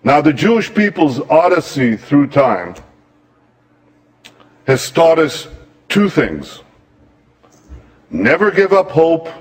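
A man giving a formal address to an assembly as a head of government, with slow, measured, solemn delivery. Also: fairly high pitch.

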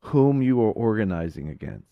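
A deep, slow voice of God, grave and commanding, as a preacher puts it on. The words are drawn out with heavy weight. The recording is close and dry. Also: male voice, big pitch swings, gravelly, dry recording, highs cut off. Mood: solemn.

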